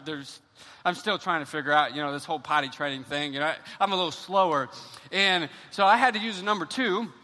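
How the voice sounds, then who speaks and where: Young pastor, high and very bright voice, lively storytelling sermon, long church reverb. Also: male voice. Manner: animated storytelling, repeats words when excited.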